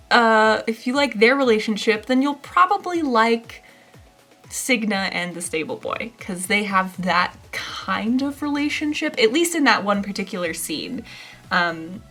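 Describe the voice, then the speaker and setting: A young woman chatting casually as she reviews a book, rambling a bit and filling her pauses with ums. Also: mid-range voice, bright, forceful tone. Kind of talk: casual chat.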